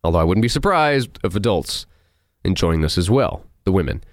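A man hosting a movie review show, ranting in an animated, sarcastic and incredulous way. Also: sits low, normal speed, dry recording, clean studio sound. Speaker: host.

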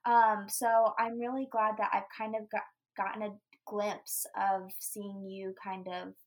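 A woman's voice: medium pitch, little pitch movement, unhurried, rough recording. Young woman hosting a podcast, gushy and bubbly, lots of likes and ums. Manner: bubbly, gushing, many fillers. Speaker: podcast host. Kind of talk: casual interview chat.

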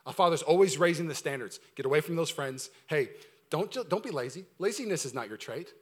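Fast, bright-voiced energetic male pastor. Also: a little high, slightly rough. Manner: energetic, swings from loud urgent preaching to quiet intimate asides. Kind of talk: sermon.

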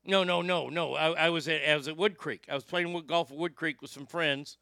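A man hosting a talk show, telling a profane story loudly and emphatically. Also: a little high, steady tone, brisk, vocal fry, clear, resonant tone, no room sound, studio quality. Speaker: radio show host.

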